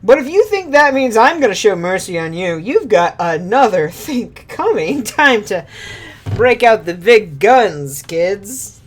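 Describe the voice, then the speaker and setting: A woman's voice: medium pitch, very animated, a little slow, slight background noise. A woman voicing a boastful, scheming male octopus villain in a game, taunting theatrically. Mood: gloating.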